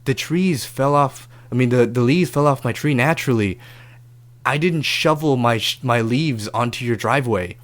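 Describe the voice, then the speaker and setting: Speaking in a mid-range voice at a moderate pace, a podcast host tells a story in an informal, lively monologue on his own show. He curses liberally and performs others' lines in raised voices.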